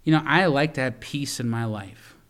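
A man's voice: mid-range voice, moderate pace, fairly bright tone. A middle-aged man preaching a sermon as pastor, earnest and full of stories, with frequent stumbling restarts.

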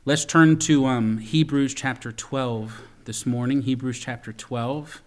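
A man delivering a sermon as the pastor, with a voice of middling pitch. He switches from loud, emphatic storytelling to quiet asides to the congregation, and repeats words and restarts lines as he goes. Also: fairly even intonation, measured pace.

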